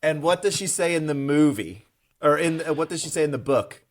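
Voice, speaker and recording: A man co-hosting a casual book discussion podcast, talking in an animated, emphatic way and reading quotes aloud. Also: fairly high pitch, a little fast. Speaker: podcast co-host.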